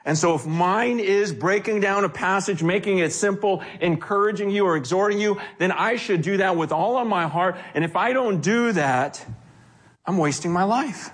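This pastor has a high voice and preaches in a relaxed, conversational way at an even, moderate speed. He stays lively, mimicking the people he cites as he quotes them.

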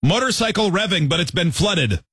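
A man's voice: sits high, lively intonation, moderate pace, a bit bright, breathy edge, no room sound. A man hosting an impressions game, calling out prompts in a playful, laughing comedy banter. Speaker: host running an impressions game.

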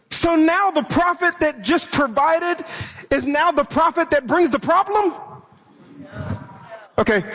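A young man preaches a sermon in a church sanctuary, his voice unusually high. He grows impassioned and sometimes acts out frustrated pleas to God. A long hall reverb trails each phrase. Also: a bit bright. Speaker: pastor.

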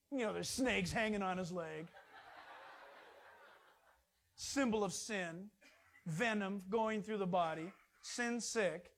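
A man preaching an informal sermon in a folksy, jokey way, swinging from loud bursts to hushed asides. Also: sits high, big pitch swings, unhurried.

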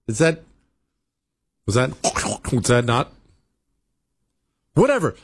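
Animated, exasperated male talk host. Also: mid-range voice, slow pace, breathy edge, no room sound. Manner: exasperated, emphatic, talks to a co-host. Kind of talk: animated comedic rant.

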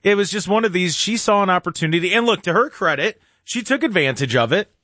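A man's voice: sits high, lively intonation, fast, pushed and bright, dry recording, studio quality. A man hosting a morning talk radio show, chatty and laughing often, now and then mimicking other voices.

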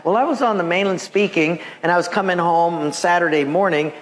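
A male pastor from Hawaii preaching a sermon, telling a story and acting out quotes in an animated voice. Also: high voice, brisk, in a large hall. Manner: animated, acts out quotes with raised voice.

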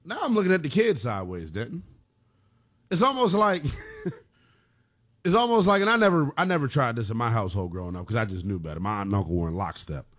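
Animated young sports radio host, lively pitch. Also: male voice, a little fast. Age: young adult. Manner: animated, playful, laughing.

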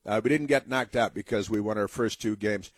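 A man's voice: on the low side, a little fast, no room sound. A man from the United States hosting a casual political commentary monologue, rambling with many fillers and restarts in a mocking tone.

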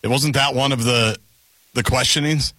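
A man's voice: medium pitch, fairly even intonation, moderate pace, pushed and bright, no room sound. A man co-hosting a talk radio show, chiming in with wry, dry remarks. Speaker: radio co-host.

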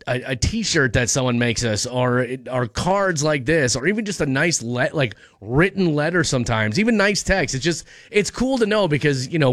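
A man hosting a morning radio show alone in a studio, chatting fast and tripping over his words. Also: mid-range voice, a bit bright, no echo. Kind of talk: casual radio chat. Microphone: studio microphone.

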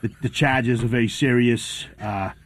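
Older guy w a husky voice chatting on radio, wry. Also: mid-range voice, fairly even intonation, moderate pace, fairly bright tone. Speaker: radio co-host. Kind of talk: casual talk radio.

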